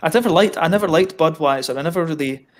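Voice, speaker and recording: This man is a stream host talking casually from home. He reads viewer comments aloud and bantering with mates. His swearing comes naturally, in a slightly higher voice. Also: fast. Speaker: livestream host. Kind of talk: casual chat. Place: home, living in Sweden.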